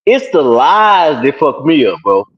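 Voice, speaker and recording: A man's voice: on the high side, very animated, a little slow, muffled recording, crowd noise. A man hosting a casual livestream, bantering loosely and cursing freely with his guests. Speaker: livestream host.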